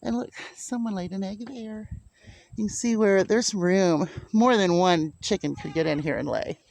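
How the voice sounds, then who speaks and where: This woman's voice is gravelly and darkish, at normal speed in a dry recording, as she vlogs a relaxed walk around her small farm. Chatting to the camera, she switches to a high, sing-song baby voice whenever she talks to her animals.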